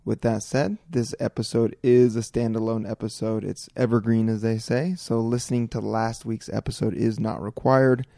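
A man's voice: fairly low pitch, level tone, normal speed, gravelly, few pauses, mellow, dry recording, studio quality. A man hosting a podcast, talking loosely with an old friend and swearing freely. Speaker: podcast host. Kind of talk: casual conversation with a friend.

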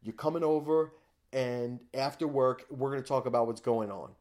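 A man's voice: mid-range voice, moderate pace, darkish tone, lightly acted. A man voicing his middle-aged mother, who scolds him bluntly and swears. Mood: firm.

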